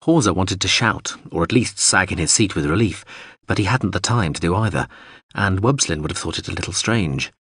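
A man reads a sci-fi audiobook in a very deep, husky voice. His narration is steady and even. The recording is dry and close to the mic. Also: fairly quick, no room sound. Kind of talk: scripted narration.

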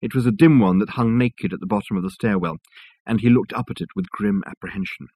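A man narrating a novel as an audiobook, in a measured, wry storytelling manner on a close mic. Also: lowish voice, darkish tone, breathy edge, dry recording.

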